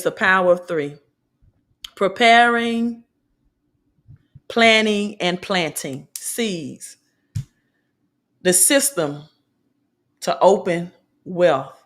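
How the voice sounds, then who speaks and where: A woman with a Southern American accent hosts a motivational business talk, preaching through repeated slogans and alliterations. Her voice is medium-pitched and a bit bright.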